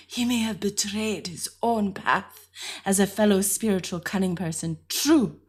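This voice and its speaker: A woman's voice: mid-range voice, breathy edge. A woman voicing an aged, impatient and condescending woman mystic with a thick foreign accent.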